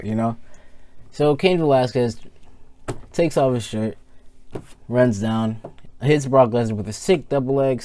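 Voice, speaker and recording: A young man ranting casually about a wrestling show, rambling and animated, full of fillers and repeated words. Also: mid-range voice, no room sound. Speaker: wrestling review vlogger. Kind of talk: casual rant to camera.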